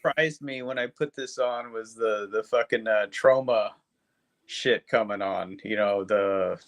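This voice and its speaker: Rambling fifties podcast co-host. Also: male voice, lowish voice, measured pace. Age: 50s. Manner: rambling and profane, with lots of fillers. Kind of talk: casual movie review chat.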